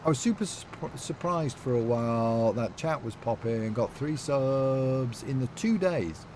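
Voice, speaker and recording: A man's voice: mid-range voice, animated, unhurried, a little mellow, slight background noise. A man streaming a farming game, chatting loosely with viewers and reading their messages aloud, with lots of fillers. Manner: rambling, reads chat aloud, many fillers. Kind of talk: casual livestream chat.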